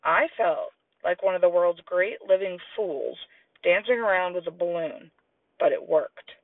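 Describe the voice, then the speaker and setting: Speaking a little slowly, a man narrates a children's audiobook and performs the characters, rendering the children as high-pitched squeals with lively energy. The recording is dry and tinny, lo-fi and radio-like, captured on a distant mic.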